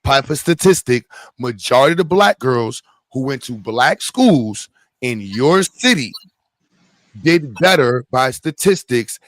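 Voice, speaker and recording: A man's voice: medium pitch, expressive, unhurried, no room sound. Blunt profane man, dry sound. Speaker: stream host. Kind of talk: heated casual reaction chat.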